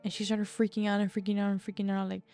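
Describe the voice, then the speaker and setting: A woman narrates a story in a casual, chatty way, full of fillers. Her voice is mellow and warm. Faint music plays under her. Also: medium pitch, little pitch movement, fast talker.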